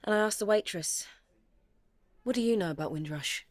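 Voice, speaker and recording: A woman's voice: mid-range voice, moderate pace, lightly acted. An actress playing a young daughter who narrates her search into her family's past in an audio drama. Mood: earnest. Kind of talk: present-tense dramatic narration.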